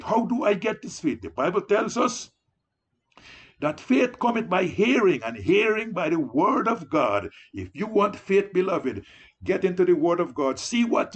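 A man's voice: high voice, slightly rough. A man preaching a sermon, urging his listeners and repeatedly calling them beloved.

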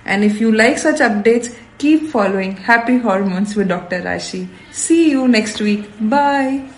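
A woman's voice: fairly high pitch, a little slow. A woman doctor with an Indian accent, giving an upbeat, scripted health talk with emphatic repetition. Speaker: endocrinologist hosting a health show. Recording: roomy echo.

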